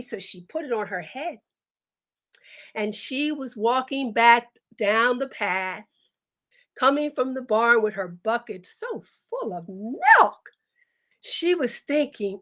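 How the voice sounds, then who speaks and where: An expressive woman storyteller telling folktales with dramatic flair and questions thrown to her audience. Her voice is high and her delivery slow and deliberate, savoring each line. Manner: animated, dramatic, addresses listeners directly.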